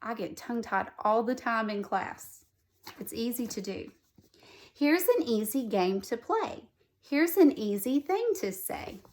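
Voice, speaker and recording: Woman teacher reading aloud to young kids; unhurried, slightly high voice, gentle asides. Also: lively intonation. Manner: gently comments on pictures and asks children questions. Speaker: first grade teacher. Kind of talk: reading a picture book aloud to children.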